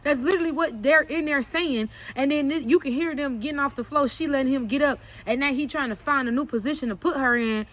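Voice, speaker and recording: A young woman with a high, bright voice recounts family drama in a candid storytime vlog. She talks bluntly and swears freely. Her voice jumps up animatedly whenever she quotes herself. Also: quick pace, few pauses. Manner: blunt, profane and emphatic, often cursing; animated retelling with sharp jumps when quoting herself. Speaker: vlogger telling a personal story.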